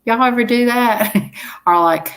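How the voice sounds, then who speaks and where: A woman's voice: a little high, measured pace, a bit bright. A woman chatting casually to her live-stream viewers, rambling and laughing often.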